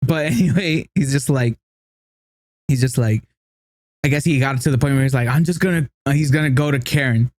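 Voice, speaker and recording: A man co-hosting a casual podcast, telling a story with lots of laughter and acted-out quotes in a higher voice. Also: a little fast, a little mellow, no room sound. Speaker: podcast co-host.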